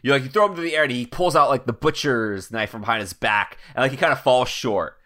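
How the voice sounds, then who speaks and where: A man's voice: mid-range voice, quick pace, bright, forceful tone. A man narrating as game master of a tabletop role-playing game, talking casually with many fillers and restarts.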